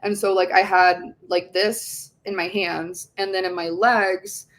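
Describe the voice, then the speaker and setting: A young woman in her twenties talks through a personal story as a podcast guest. She is loose and chatty, leans on "like" as a filler, and swears often. Her delivery is animated, and her pitch sits in a middle range for a woman. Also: a little slow. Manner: heavy use of "like" fillers; frequent swearing. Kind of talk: casual conversational storytelling.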